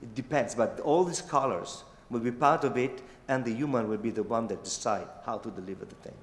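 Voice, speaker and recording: A man whose first language is Italian, answering judges' questions on stage in a hotel hall, talking haltingly with restarts. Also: medium pitch. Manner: halting, restarts phrases, many yeahs. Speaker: pitching innovator. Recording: echoey hotel hall with long reverb.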